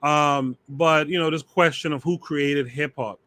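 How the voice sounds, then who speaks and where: Male host, relaxed conversational delivery, moderates discussion. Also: on the high side, unhurried. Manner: conversational, relaxed, reads from chat. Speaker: podcast host. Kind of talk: livestream podcast hosting.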